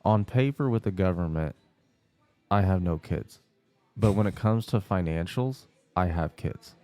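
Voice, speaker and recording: A man's voice: deep voice, animated, unhurried, warm tone. A young man co-hosting a podcast, telling a story in casual chat and acting out the phone calls. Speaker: podcast co-host.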